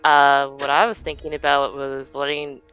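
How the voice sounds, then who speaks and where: A bright, sharp-toned player in a tabletop game, reasoning aloud and peppering the game master with questions. Faint music sits in the background. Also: mid-range voice, little pitch movement, moderate pace, muffled recording. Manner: thinking aloud, asking questions. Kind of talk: casual tabletop game play.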